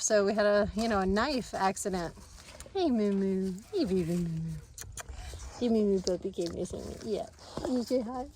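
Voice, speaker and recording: A woman's voice: mid-range voice, a little hiss or hum, poor audio. A woman, chatting casually to camera outdoors in her yard, rambling and laughing easily. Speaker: family farm vlogger.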